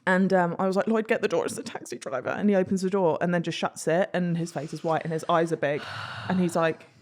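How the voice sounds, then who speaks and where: Animated woman telling a story. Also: on the low side, quick pace. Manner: animated, swears freely, laughs mid-sentence. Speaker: podcast guest. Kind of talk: casual storytelling.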